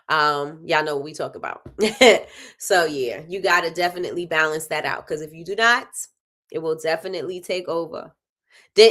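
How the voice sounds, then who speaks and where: A middle-aged woman hosting a casual talk stream, talking straight to her audience. Her voice is bright and tense at the edges, and she breaks into laughter often. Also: lowish voice. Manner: animated, laughs often, talks straight to viewers. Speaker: host. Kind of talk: casual livestream chat.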